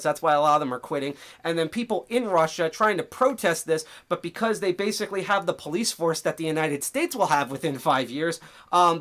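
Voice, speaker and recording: A man hosts a casual livestream with a slightly high-pitched voice. He rambles, swears freely and often loses his thread, filling gaps with "um" and "uh". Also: fairly bright tone. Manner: rambling and profane, loses his train of thought. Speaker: host.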